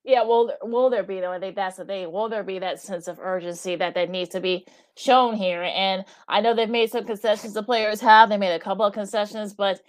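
A woman's voice: medium pitch, fairly even intonation, brisk, few pauses. A woman co-hosting a sports radio show, conversational and loose, leaning on fillers like "you know" and "look". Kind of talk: casual radio sports talk.

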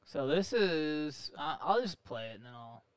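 A man's voice: on the high side, big pitch swings, unhurried, clean tone, no room sound. A man co-hosting a podcast in laid-back casual chat, setting up clips. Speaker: podcast co-host.

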